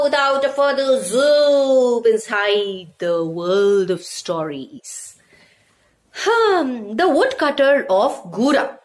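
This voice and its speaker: A woman telling a children's story aloud, animated, chanting sound effects and inviting listeners to join in. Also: a little high.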